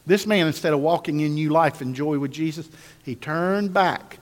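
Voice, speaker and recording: A man's voice: a little high, moderate pace. A man preaching a sermon in an emphatic, repetitive style, calling on the congregation to answer and read along. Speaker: pastor. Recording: long echo of a large hall.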